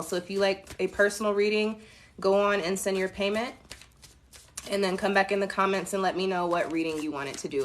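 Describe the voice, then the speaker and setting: A woman tarot reader chatting casually with viewers on a home live stream, relaxed and self-mocking. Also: mid-range voice, a little hiss or hum. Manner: relaxed, chatty, laughs at herself, addresses viewers as y'all.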